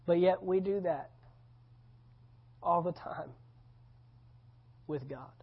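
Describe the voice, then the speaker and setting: A man's voice: high-pitched, takes it slowly, husky. A male pastor preaching a sermon at a church service, conversational and emphatic, repeating key phrases. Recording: slightly dull lo-fi recording.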